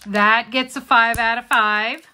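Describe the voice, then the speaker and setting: A woman's voice: a little high, steady tone, measured pace, sharp tone, clean tone. A woman hosting a casual unboxing vlog, gushing and chatty as she talks to her viewers. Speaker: craft channel host.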